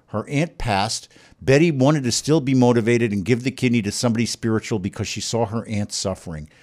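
Speaking as a guest, this middle-aged man shares the story of his wife's kidney transplant with a medium-pitched, slightly mellow voice. The telling is casual and emotional, effusive and emphatic, with frequent repetition.

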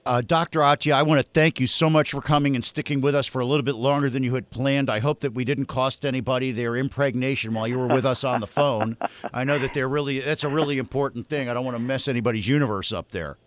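A man hosting a radio talk show, chatting with guests and running through sponsor thanks in a jokey, fast-moving way. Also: medium pitch, no room sound. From Florida. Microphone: studio microphone.

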